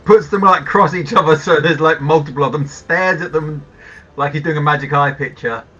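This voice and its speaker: A man's voice: a little high, moderate pace, fairly bright tone. A male player in a tabletop game chat, interrupting and repeating himself. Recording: dull muffled sound.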